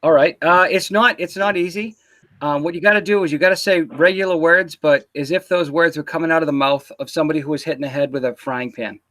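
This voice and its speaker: Brief: male host, slightly high voice, dry close mic, offhand and joking. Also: fairly even intonation, quick pace, a bit bright, no echo. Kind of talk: casual live-stream interview.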